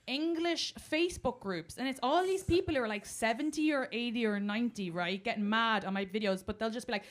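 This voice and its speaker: A woman's voice: a little high, fast talker, hardly any pauses. A young Irish woman doing stand-up crowd work on a club stage, brash and swearing, laughing through her punchlines. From Ireland. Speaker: stand-up comedian. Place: comedy club stage before a live audience. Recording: live club audio with loud crowd and noise.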